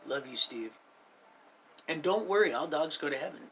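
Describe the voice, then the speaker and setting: A man's voice: on the high side, animated, normal speed, a bit bright, a little hiss or hum. A middle-aged man hosting a livestream, telling his life story in a rambling, folksy way and drifting into preaching at his viewers. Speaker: livestream host.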